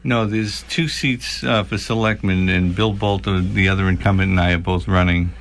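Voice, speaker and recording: A man's voice: low-pitched, fairly even intonation, moderate pace, a bit bright. A man who serves as a town selectman, answering plainly as a radio guest. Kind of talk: radio interview.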